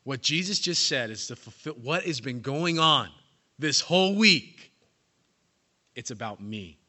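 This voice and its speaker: A man preaching a sermon, telling the story dramatically and swinging between hushed and loud delivery. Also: medium pitch, expressive, measured pace. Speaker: pastor. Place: church in California.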